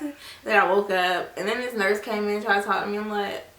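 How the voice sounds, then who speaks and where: A woman's voice: medium pitch, steady tone, fast, fairly bright tone. A young woman vlogger telling a personal story in a casual, chatty way, talking to her viewers while settling a baby at home. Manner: chatty, addresses viewers as "you guys" and "y'all"; acts out voices in her stories. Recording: echoey room, mic at a distance.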